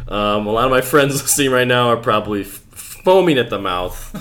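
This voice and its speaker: A man co-hosting a casual podcast, enthusiastic and quick to laugh, with plenty of fillers. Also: mid-range voice, a bit bright. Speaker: podcast co-host. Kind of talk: casual chat.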